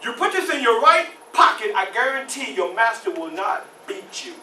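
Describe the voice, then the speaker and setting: A male reenactor playing a formerly enslaved man who recounts his youth in an animated one-man stage show, shouting at tense moments, in a library room. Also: very high-pitched, normal speed, a little hiss or hum, pitched below the performer's own voice, exaggerated voice. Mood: wry. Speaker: historical reenactor. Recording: roomy library room, mic far off.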